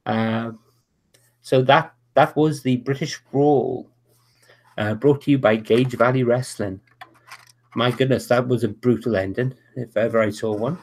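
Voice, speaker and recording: Halting male game master on a call. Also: mid-range voice, steady tone, darkish tone. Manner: halting, full of restarts and "uh". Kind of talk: narrating a tabletop wrestling game. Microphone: online video call.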